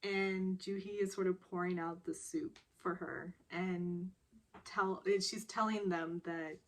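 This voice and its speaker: A woman with a lowish voice casually recaps a television drama episode, taking it slowly. She's chatty, laughs often, and gets animated when quoting characters.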